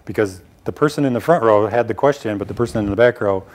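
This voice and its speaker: A man's voice: lowish voice, quick pace. Emphatic middle-aged man lecturing. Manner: direct, emphatic, conversational with asides. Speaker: presenter giving a workshop on scientific talks. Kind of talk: live lecture to a small audience. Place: small lecture room.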